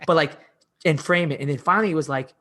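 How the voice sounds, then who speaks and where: A man's voice: fairly high pitch, fast talker. A man in his forties, a coach and podcast guest, telling stories casually and with animation. He leans heavily on "like" and often restarts his sentences. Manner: animated storyteller, heavy use of "like", frequent restarts. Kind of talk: casual conversational storytelling.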